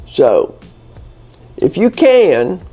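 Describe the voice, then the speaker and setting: A man's voice: high-pitched, huge pitch swings, extremely slow, mellow, breathy edge. An American man hosting a casual spoken English lesson, rambling and playfully teasing his viewers, with lots of fillers and restarts. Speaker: English teacher and channel host. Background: faint background music.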